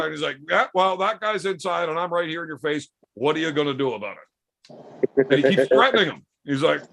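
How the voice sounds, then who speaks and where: A man spins rough, profane stories in a relaxed podcast chat. His voice sits a little high and has a gravelly fry, and he slips into the voices of the people he describes. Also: brisk, crowd noise. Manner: animated, acts out quoted voices. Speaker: podcast storyteller. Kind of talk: casual profane storytelling.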